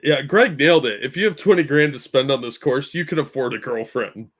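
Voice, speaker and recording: A man's voice: medium pitch, a little fast. A man co-hosting a casual livestream, giving blunt, profane commentary. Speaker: stream co-host.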